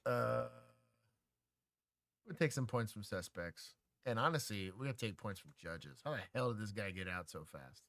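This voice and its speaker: A man's voice: lowish voice, animated, moderate pace, gravelly, fairly bright tone, no room sound, clean studio sound. A man co-hosting a livestream, a former police officer giving opinionated commentary and explaining use-of-force law.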